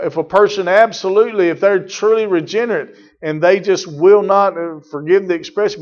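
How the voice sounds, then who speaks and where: A man preaching a sermon, emphatic and repetitive, calling on congregation members by name. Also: high-pitched. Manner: emphatic, repeats phrases, addresses congregation by name. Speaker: pastor. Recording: muffled lo-fi church recording.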